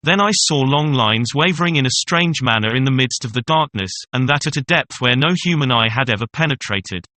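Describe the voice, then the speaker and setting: A man reading a classic horror story aloud in a measured, suspenseful way. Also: medium pitch, animated, bright, forceful tone, no room sound. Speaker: audiobook narrator. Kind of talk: scripted narration of a horror story.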